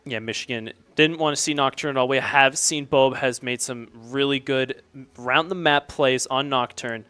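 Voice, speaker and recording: A man's voice: mid-range voice, normal speed, bright, forceful tone, clean tone. A young man giving upbeat, live play-by-play commentary on an esports match and explaining strategy at length.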